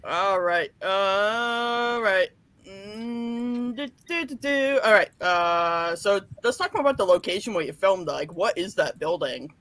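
A man's voice: high-pitched, expressive, takes it slowly, a bit bright. A man hosting a live online interview, asking loose, jokey questions full of fillers. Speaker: interview host. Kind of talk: casual live-stream interview.

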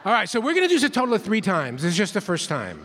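Rapid-fire and high-voiced, with huge pitch swings and a fairly bright tone, a male keynote speaker leads a large conference hall in call-and-response counts. The interactive plenary talk is playful, and there's slight background noise.

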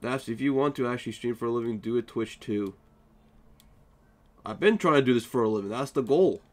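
A man's voice: medium pitch, fairly quick. A tired young man chatting casually with viewers while he plays a live game stream, joking and defending himself. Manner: drowsy, playfully defensive banter.

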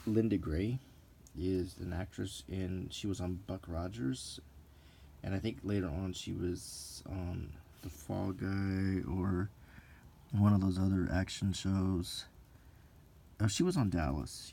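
Middle-aged man, low mellow voice, soft-spoken show-and-tell vlogger, meandering with ums. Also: fairly even intonation, creaky, slight background noise. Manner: meandering and unhurried, with frequent ums and self-corrections.

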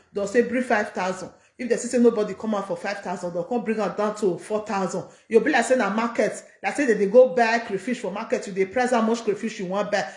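A middle-aged woman with a Nigerian accent, chatting through a gossip story in a casual commentary style and often asking "you understand?". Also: mid-range voice. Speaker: gossip vlogger.

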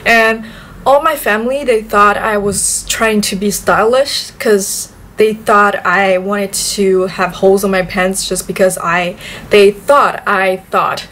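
Young woman, from southern China, Chinese accent, native Chinese speaker, casual vlog chat, mid pitch, repeats words for emphasis. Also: fairly even intonation, slow, fairly bright tone. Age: young adult. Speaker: vlogger.

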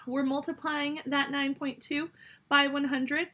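Her voice sits high, level and sharp in tone, and she's unhurried. She's teaching fifth grade math on video, upbeat and encouraging as she speaks right to her students, while a toddler babbles nearby amid faint background noise.

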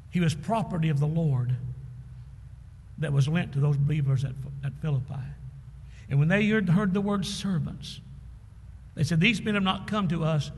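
A man's voice: a little high, darkish tone, slightly rough, big-room sound. A man preaching a sermon as pastor, emphatic, with calls and responses to the congregation. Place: church sanctuary.

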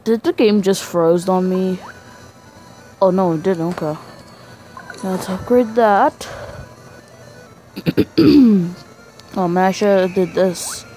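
Slow-talking sick young guy gaming. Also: high voice, dark tone, faint music behind, low-quality recording. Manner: rambling, chatty asides to viewers. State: sick, congested voice. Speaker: gaming channel host. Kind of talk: let's-play game commentary.

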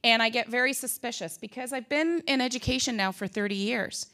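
A woman in her fifties, a conference presenter telling lively stories with humorous asides. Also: on the high side, brisk. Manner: lively storytelling with asides, humor and acted quotes. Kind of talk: conference talk.

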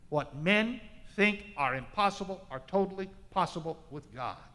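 An impassioned male pastor preaches a sermon, swinging from loud to hushed. His voice is bright and forceful, and a long hall echo follows each phrase. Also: high-pitched, expressive, unhurried. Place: large church sanctuary. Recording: echoey church hall.

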